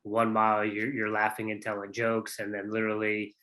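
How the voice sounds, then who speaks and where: Bright-voiced man on a flat tone. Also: lowish voice, a little fast. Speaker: podcast co-host. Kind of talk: casual interview chat.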